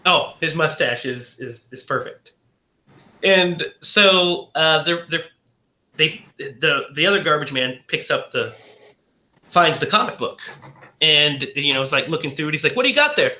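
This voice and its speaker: A man's voice: a little high, measured pace, bright, forceful tone, roomy sound. A man hosting a podcast, casually recapping a film in a rambling way and acting out lines with laughs. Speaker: podcast host.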